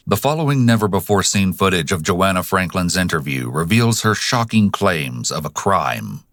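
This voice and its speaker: A man narrating a true crime documentary in a measured, dramatic way. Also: sits low, a bit bright, no room sound, studio quality.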